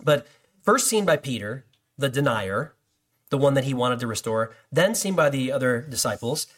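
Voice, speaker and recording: A man's voice: medium pitch, lively intonation, moderate pace, a bit bright. A man preaching a sermon in a conversational way, acting out listeners' doubts as he goes. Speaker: pastor.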